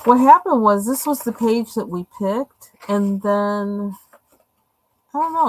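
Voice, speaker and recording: A woman with a fairly high-pitched voice hosts a live coloring stream. She chats casually as she colors, rambling and hesitant with plenty of fillers. The recording is dry and of poor quality.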